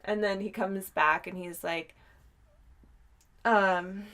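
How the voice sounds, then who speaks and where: A woman's voice: mid-range voice, slow, pauses often. A woman in her thirties co-hosting a podcast, telling a story in casual chat and acting out the voices of the people in it. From Georgia. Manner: animated storyteller, acts out quoted voices. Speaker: podcast co-host.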